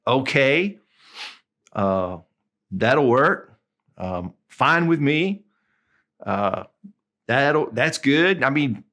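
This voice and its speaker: Man, language tutor, lively pitch, relaxed explaining, slow drawn-out example words. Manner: relaxed, explanatory, drawing out Spanish words slowly. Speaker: Spanish tutor. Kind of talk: video language lesson.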